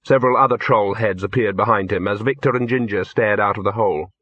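A man calmly narrating a story as an audiobook reader. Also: lowish voice, fast, slightly rough, no room sound, lo-fi sound. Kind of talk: scripted narration.

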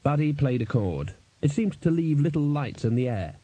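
A man reading a novel aloud as an audiobook narrator, in a steady storytelling manner. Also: fairly high pitch, normal speed, slightly rough, dry recording. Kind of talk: scripted narration.

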